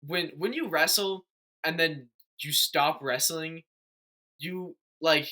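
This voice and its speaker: Bright young man telling stories. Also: a little high, takes it slowly. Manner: rambling storyteller, many fillers and restarts. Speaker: podcast host. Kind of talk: casual chat.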